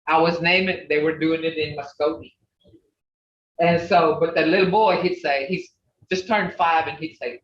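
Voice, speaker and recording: A woman's voice: on the low side, normal speed, far from the mic, slight background noise. An older woman grandmother leading an online language class, drilling syllables and laughing often. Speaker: language teacher. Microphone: video call. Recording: dull roomy video call audio.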